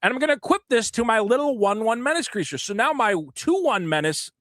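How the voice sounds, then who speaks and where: A man co-hosting a podcast, ranting with animated, profane energy and quoting other players in put-on voices. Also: very high-pitched, a little fast, no echo, studio quality. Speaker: podcast co-host. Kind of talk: casual podcast chat.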